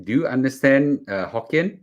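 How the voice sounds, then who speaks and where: Singaporean-accented man, casual chat, halting playful delivery, mid-pitched. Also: lively intonation, lo-fi sound. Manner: playful, halting, loose Singlish phrasing.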